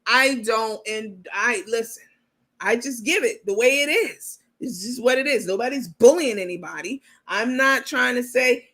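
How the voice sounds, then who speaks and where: A woman's voice: a little high, animated, moderate pace, fairly bright tone, husky. A woman hosting a live gossip commentary show, talking bluntly and profanely straight to her viewers and reading out their comments.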